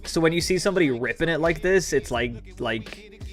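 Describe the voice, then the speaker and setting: A man's voice: on the high side, lively intonation, brisk, fairly bright tone, soft background music. A young Irish man hosting a live stream, chatting casually and rambling as he answers viewers' comments. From Ireland. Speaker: livestream host.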